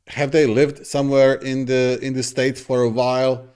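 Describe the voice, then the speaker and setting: A man's voice: mid-range voice, level tone, normal speed, a little mellow, smooth. A middle-aged man hosting a reaction video, talking casually in an effusive, rambling way with many restarts.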